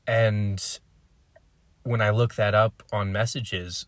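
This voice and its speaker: A man's voice: fairly low pitch, steady tone, drawn-out words, long pauses, a bit bright, dry recording. Reflective male podcast host, dry sound. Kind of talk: casual interview chat.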